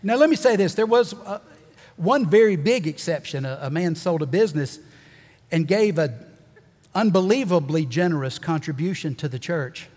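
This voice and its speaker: A pastor preaches a folksy, animated sermon with joking asides, hammering points home by repeating them. His voice is a little high for a man and keeps a moderate pace, while long reverb from the church sanctuary trails after each phrase.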